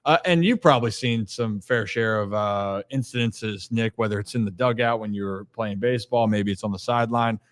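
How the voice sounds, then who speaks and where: A man's voice: fairly low pitch, normal speed, hardly any pauses. A man hosting a sports podcast, a former baseball player, chatting and running through stats with many fillers. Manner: conversational, quotes stats, fillers. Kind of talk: casual sports talk.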